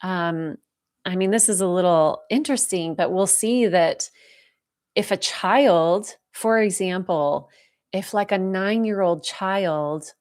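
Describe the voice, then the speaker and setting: A woman giving a live spiritual talk, speaking softly and slowly with heartfelt pauses as she answers viewer questions, moved close to tears. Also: mid-range voice. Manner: soft, heartfelt, slow and reflective with pauses.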